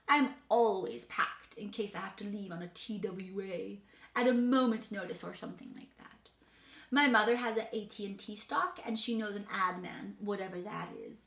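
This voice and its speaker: A woman's voice: medium pitch, creaky, fairly bright tone. A woman voicing a precocious, mischievous six-year-old girl who lives in a hotel, in a chatty, boastful storybook monologue. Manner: chatty, boastful, matter-of-fact child monologue. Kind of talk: dramatic reading of a storybook character. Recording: roomy echo.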